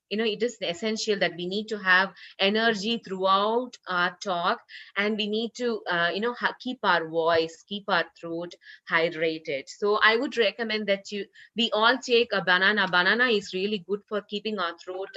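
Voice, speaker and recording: A woman's voice: mid-range voice, bright, forceful tone, muffled recording. A woman corporate trainer giving an online training session, earnest, repeating herself with many "you know" fillers. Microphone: video call.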